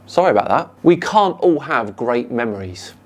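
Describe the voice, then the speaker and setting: A man with a British accent, calmly and sarcastically answering viewer comments as a channel host. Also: medium pitch, normal speed. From United Kingdom. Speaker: YouTube science debunker host.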